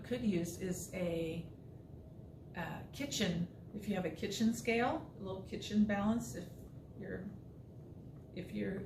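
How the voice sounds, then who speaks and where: A woman's voice: mid-range voice, recorded from a distance, background noise. Woman teaching a lab, echoey room. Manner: casual, instructive, step-by-step. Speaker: science teacher. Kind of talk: recorded remote lesson walkthrough.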